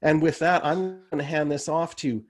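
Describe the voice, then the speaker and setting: A man's voice: on the high side, steady tone, moderate pace. A man from Canada co-hosting a webinar in a jokey, playful way. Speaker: co-host.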